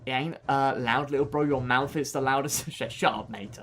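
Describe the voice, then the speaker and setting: A man's voice: medium pitch, moderate pace, a bit bright. A young man streaming a game live, joking, bragging and chatting back to his viewers in a casual way. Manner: joking, boastful, answering chat. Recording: clear background noise.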